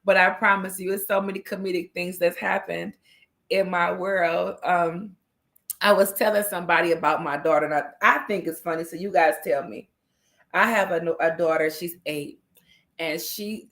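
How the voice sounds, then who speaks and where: A woman's voice: on the low side, steady tone, normal speed, a bit bright. A woman hosting a casual morning livestream, chatty and laughing often as she greets viewers by name. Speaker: livestream host.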